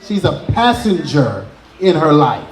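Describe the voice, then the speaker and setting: A man's voice: a little high, very animated. A man moderating a live panel, summing up a situation and checking that everyone follows. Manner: slow, summarizing, checking in with 'right?'. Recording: echoey room.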